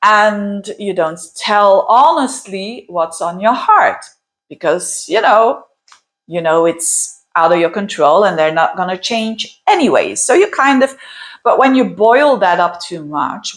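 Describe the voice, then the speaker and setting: A woman from Belgium talks about the planets in a loose, conversational monologue. She is animated, leaning on repeated words and quick asides to drive points home. Her voice sits in an everyday middle pitch. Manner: animated, repeats and restarts phrases, emphatic asides. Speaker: astrologer. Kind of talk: casual explanatory monologue.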